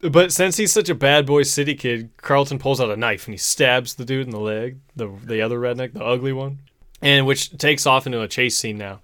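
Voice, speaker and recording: A young man hosting a casual talk show, excitedly and profanely retelling a movie plot and saying "dude" often. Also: medium pitch, a little fast, no room sound, studio quality. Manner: excitable, profane storytelling, says "dude" a lot. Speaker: podcast host. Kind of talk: casual movie recap chat.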